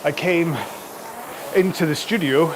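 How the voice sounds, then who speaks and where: Man, rowing workout host, slow-paced talk, breathy, out of breath, throat mic, noisy machine behind. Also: fairly high pitch. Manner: breathy and panting between sprints, chatty. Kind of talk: live follow-along workout chat. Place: home rowing studio. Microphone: throat-worn microphone.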